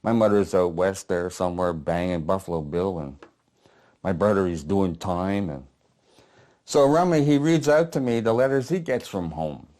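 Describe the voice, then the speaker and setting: Man reading a gruff old veteran, low-ish voice, blunt and profane. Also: lively intonation, normal speed, dark tone. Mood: weary. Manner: coarse, blunt storytelling with swearing. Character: old war veteran, gruff, haunted, working-class. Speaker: playwright reading his play aloud. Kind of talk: dramatic monologue reading. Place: apartment living room.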